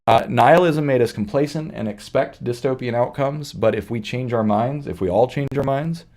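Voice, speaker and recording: A channel host with a medium-pitched, slightly mellow male voice talks through his ideas in an unscripted monologue. He sounds earnest and reflective, and he often restarts and corrects himself mid-sentence.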